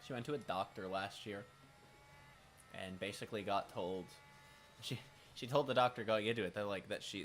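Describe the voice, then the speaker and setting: A man streaming a racing management game, talking casually with a raspy, smoker-like voice, swearing and making wry remarks as he thinks aloud. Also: fairly low pitch, a bit bright, slight background noise. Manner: profane, wry, thinking aloud while playing. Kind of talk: casual live-stream commentary.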